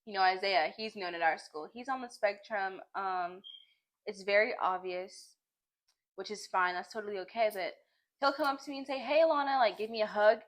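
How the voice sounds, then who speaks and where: A woman's voice: mid-range voice, a bit bright. A teenage girl co-hosting a casual podcast, stretching her words out in a Valley-girl way. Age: teens. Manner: drawn-out Valley-girl way of speaking. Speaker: podcast co-host. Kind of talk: casual chat.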